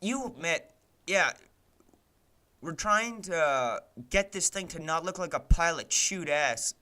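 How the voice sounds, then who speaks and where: A man's voice: on the high side, animated, takes it slowly. A young man streaming his game development, chatting casually and ranting with plenty of swearing and "like" as he fights his tools. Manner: exasperated, swears a lot, rants at his software; fillers "like" and "man" throughout. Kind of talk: casual livestream commentary while working.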